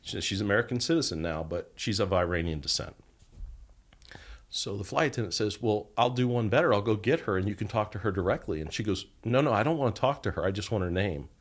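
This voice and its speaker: A middle-aged former federal agent, guesting on a podcast, talks fast in a lowish voice. He spins a long story with real animation, acting out the quoted lines of the people in it.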